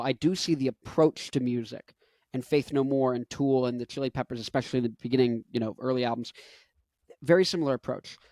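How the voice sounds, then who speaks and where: In a dry recording, a man in his twenties who is a musician and vlogger talks casually for a long stretch. His mid-range voice has a darkish tone, and he rambles, using plenty of fillers and correcting himself.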